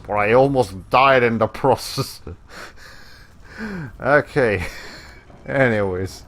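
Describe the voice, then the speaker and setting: A male game streamer talking casually over his play, rambling and often breaking into laughter. His voice is bright and forceful at an ordinary middle pitch. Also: slow pace. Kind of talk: casual gameplay commentary.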